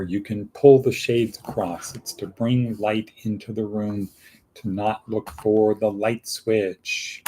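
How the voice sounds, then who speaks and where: Male host, husky and lowish, slow rambling motivational talk. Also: mellow.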